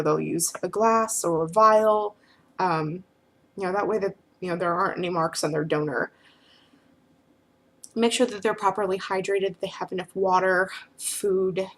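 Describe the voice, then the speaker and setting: Frank, rambling woman vlogger. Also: mid-range voice. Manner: rambling, frank, with frequent filler phrases. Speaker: vlogger answering questions. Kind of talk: casual talk to camera.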